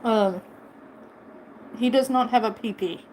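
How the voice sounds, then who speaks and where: A woman's voice: on the high side, slow pace, darkish tone, slight background noise. A woman streamer chatting casually and playfully teasing her pet on a live stream.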